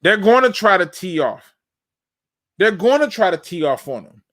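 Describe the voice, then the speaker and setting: A man's voice: sits high, big pitch swings, moderate pace, a bit bright. A man hosting a live sports talk show, emphatic and fired-up, breaking down game film and talking straight to his audience. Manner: addresses the audience as "y'all". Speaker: host.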